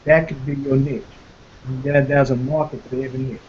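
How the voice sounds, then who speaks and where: A man guest on a webcast, giving advice in a calm, encouraging way. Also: mid-range voice, fairly quick, lo-fi sound, a little hiss or hum.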